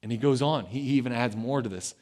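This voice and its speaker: A man's voice: medium pitch, fast talker, darkish tone. A man preaching a sermon in a casual, conversational way. He keeps checking in with the crowd with "right?" and acts out the voices in his story. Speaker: pastor.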